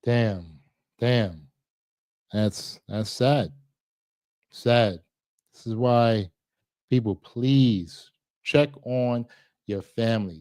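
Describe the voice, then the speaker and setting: Emotional New man on a live stream, mid-pitched, dry close sound. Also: very slow, pauses often, no room sound. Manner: emotional, repeats words, swings from hushed to loud. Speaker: live stream host reacting to news. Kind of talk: casual live reaction commentary.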